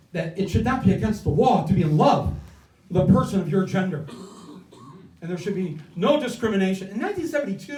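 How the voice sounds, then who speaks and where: An older guest speaker at an indoor campaign event delivers a stump speech with impassioned, rousing repetition. His voice sits high and has a warm tone. The room is echoey and the mic is far away.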